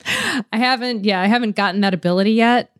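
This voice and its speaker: A woman's voice: a little high, animated, fairly quick, no room sound, clean studio sound. A woman co-hosting a book podcast in a playful, teasing, casual chat. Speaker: podcast co-host.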